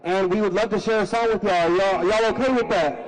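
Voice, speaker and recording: A man's voice: high voice, brisk, rough recording. A man, a street musician, fervently addressing a protest crowd and urging them to chant along. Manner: fervent, calls the crowd to join in. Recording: live street audio over loud music.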